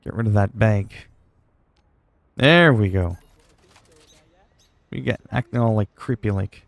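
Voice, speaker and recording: A man's voice: lowish voice, slow, creaky, no room sound. A man chatting casually while livestreaming a game, answering chat questions in a laid-back, swearing way.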